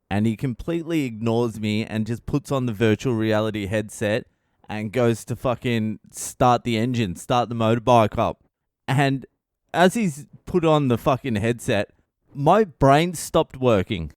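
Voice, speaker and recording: A middle-aged man telling a profane comic story as a podcast host, exasperated and building to shouted rants. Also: on the low side, unhurried, clean tone, dry recording, clean studio sound.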